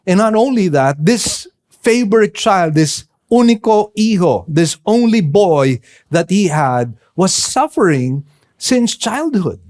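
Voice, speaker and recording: A man preaching a sermon as pastor, explaining scripture slowly and deliberately with emphatic stresses. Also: high-pitched, sing-song, a little mellow.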